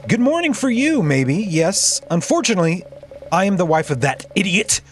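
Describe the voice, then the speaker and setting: A man's voice: sits high, very animated, normal speed, soft background music. A man voicing an irritable, scornful married woman in a game, with a curt, hostile manner.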